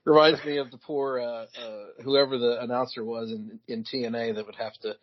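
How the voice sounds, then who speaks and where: A man co-hosting a casual podcast chat, with a husky voice and wordy, mock-formal phrasing. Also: mid-range voice, fairly even intonation, brisk. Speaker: podcast co-host. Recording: dull lo-fi audio.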